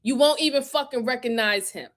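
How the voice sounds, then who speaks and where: High-voiced woman in heated commentary. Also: a little fast, a bit bright. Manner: heated, profane, emphatic. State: furious, near tears. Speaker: video commentator. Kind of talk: reaction commentary on crime footage.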